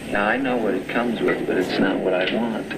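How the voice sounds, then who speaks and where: Male actor doing a stubborn, sarcastic customer, lower voice, hissy film audio. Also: fairly even intonation, moderate pace, natural voice. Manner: sarcastic and insistent. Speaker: restaurant customer in a film scene. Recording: old film clip with hiss.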